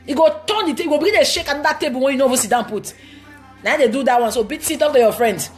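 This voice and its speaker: A fairly high-voiced woman with a Nigerian accent answers viewers live, blunt and preachy, hammering each point home. Faint music plays softly behind her. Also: animated, quick pace. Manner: blunt, emphatic and preachy, with broken phrasing. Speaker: relationship advice vlogger.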